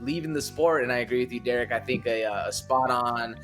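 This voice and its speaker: A man from New Mexico co-hosts a sports podcast in a mid-pitched, easygoing voice. He talks loosely, stumbling through restarts and fillers. Faint music sits behind him. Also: a bit bright. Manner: loose, halting, lots of fillers. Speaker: podcast co-host. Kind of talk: casual sports podcast chat.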